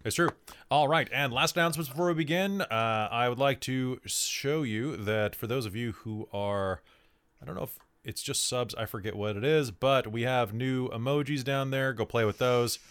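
A game master with a bright, clear tone, riffing with friends before the session starts. The talk is loose and quick, with easy teasing banter. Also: mid-range voice. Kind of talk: casual chat before a tabletop game.

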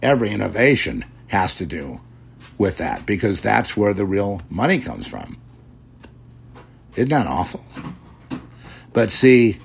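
A man's voice: lowish voice, vocal fry, a little hiss or hum. A middle-aged man hosting a religious commentary show, preachy, mocking imagined critics in put-on quoted voices. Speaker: podcast host.

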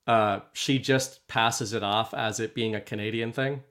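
A man's voice: fairly low pitch, fairly even intonation, measured pace, fairly bright tone. A man co-hosting a casual podcast, reading out viewer messages in an easygoing way. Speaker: podcast co-host.

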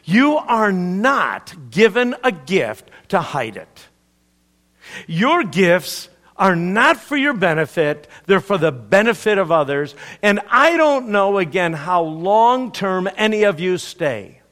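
A man's voice: high-pitched, sing-song, slow, a bit bright. A man preaching a conversational sermon at a church service, as the pastor.

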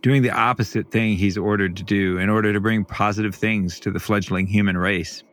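A man co-hosting a podcast, chatting casually with quiet, wry reactions and short remarks. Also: on the low side, fairly even intonation, fairly quick. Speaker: podcast co-host. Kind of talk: casual conversation.

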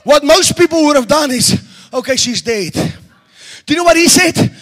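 A man preaching a sermon in an auditorium, shouting fervently, then dropping to a hush. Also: very high-pitched, normal speed. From South Africa. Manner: shouting, stirred-up preaching with sudden quiet drops.

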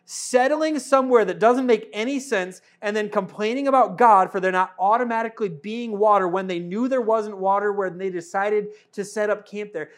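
Animated, high-voiced male preacher. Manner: conversational, animated, rhetorical questions. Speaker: pastor. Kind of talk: sermon.

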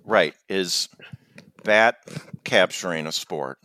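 A man's voice: low-pitched, takes it slowly, bright, forceful tone, no echo. A man co-hosting a comedy podcast with a meandering, self-deprecating, dry manner in casual banter. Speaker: podcast co-host.

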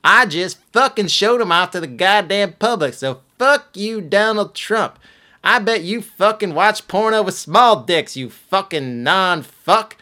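A man's voice: high voice, expressive, unhurried, sharp tone, pitched above the performer's own voice, full character voice. A man doing a comic impression of a furious, foul-mouthed male ex-zookeeper ranting with profanity.

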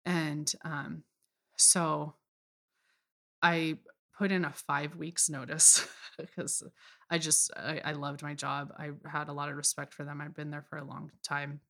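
A woman in her thirties, a podcast guest in casual chat, speaking candidly with frequent laughs and halting restarts. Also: low-pitched, little pitch movement, sharp tone. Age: 30s.

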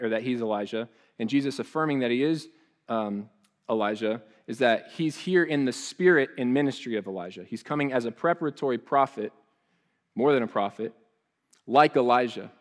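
A man preaches in a relaxed, talky style. He often restarts his phrases and drifts into friendly asides, and his pitch sits in the middle range for a man. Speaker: pastor. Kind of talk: sermon.

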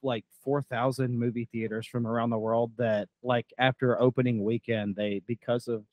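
A man's voice: medium pitch, level tone, normal speed, darkish tone, no room sound. A man co-hosting a podcast, chatting casually about a movie and often laughing as he retells scenes. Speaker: podcast co-host.

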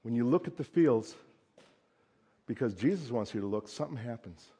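Lively man preaching a sermon. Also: mid-range voice, normal speed, husky. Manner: conversational and lively, swinging between loud and hushed. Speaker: pastor.

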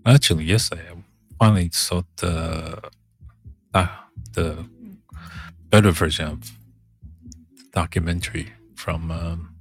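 Low, slow-talking man rambling casually. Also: fairly even intonation, soft background music. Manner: meandering, self-interrupting, hums filler tunes.

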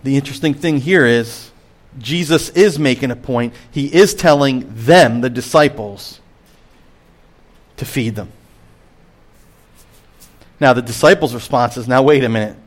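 A middle-aged man, a pastor, preaching a sermon with emphatic rises and hushed drops. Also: mid-range voice, a little slow, pauses often. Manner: expressive, swings between emphatic and hushed.

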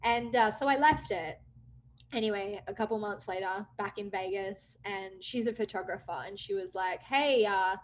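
A young woman candidly recounting a personal story, with many "like" fillers, acting out quoted dialogue with lively jumps in pitch. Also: normal speed. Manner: chatty, frequent "like" fillers. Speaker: guest telling her story.

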